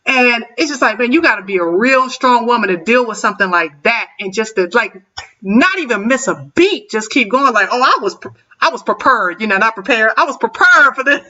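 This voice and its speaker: A woman with a high, bright voice hosts a casual online panel and talks with lively energy. She laughs often. The sound is dull and lo-fi. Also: brisk, far from the mic. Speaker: host.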